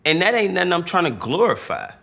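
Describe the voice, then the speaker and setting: A man's voice: high voice, fast, creaky. A man tells stories from his career in a loose, slangy way, acting out the dialogue. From St. Louis, USA. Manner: animated, slangy, acts out dialogue. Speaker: rapper interviewee. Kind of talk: storytelling interview.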